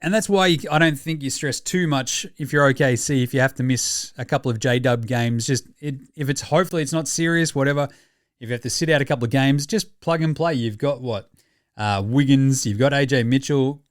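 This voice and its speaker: A man's voice: mid-range voice, a little fast, dry recording, clean studio sound. A young Australian man hosting a sports podcast in casual, rambling banter, swearing and laughing often. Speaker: podcast host.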